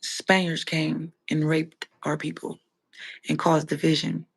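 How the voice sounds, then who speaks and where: A woman's voice: sits low, little pitch movement, takes it slowly, gravelly, breathy edge. A woman hosting a livestream, talking casually and bluntly as she answers her viewers' comments. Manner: blunt, opinionated, talks straight to chat. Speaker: livestream host.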